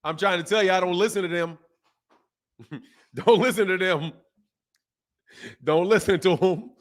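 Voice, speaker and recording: Animated high-voiced man ranting casually. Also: unhurried. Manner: animated, repetitive, laughing often. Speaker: boxing channel host. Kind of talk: casual rant.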